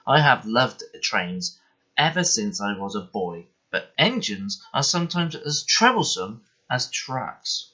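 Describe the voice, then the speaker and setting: A man reading a bedtime story aloud in an expressive, measured way. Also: mid-range voice. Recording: muffled lo-fi recording.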